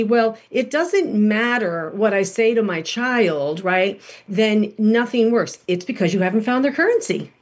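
Middle-aged woman, husky voice, animated storyteller acting out quotes, podcast guest. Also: fairly high pitch. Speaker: podcast guest speaker on parenting. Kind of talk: storytelling talk.

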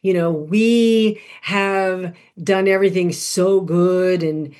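A woman's voice: fairly low pitch, steady tone, takes it slowly, a little mellow. A woman co-hosting a Christian podcast, speaking earnestly and directly to the listener about faith. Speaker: podcast co-host. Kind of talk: Christian podcast devotional talk.

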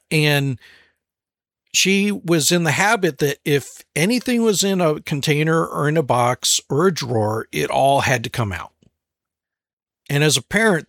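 A man in his forties, a parent of four, telling parenting stories in a relaxed way, often restarting and slowing down. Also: medium pitch, no echo, studio quality. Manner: relaxed storytelling, frequent restarts and slower stretches. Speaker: parent sharing advice. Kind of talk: casual talk on parenting.

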